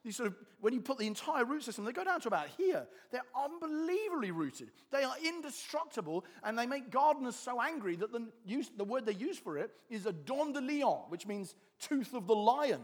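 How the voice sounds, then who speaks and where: A man delivering a sermon in a high, bright-sounding voice. He explains calmly, then swells into loud, emphatic declarations. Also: fairly quick, few pauses. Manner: animated, builds to emphatic peaks. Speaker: pastor.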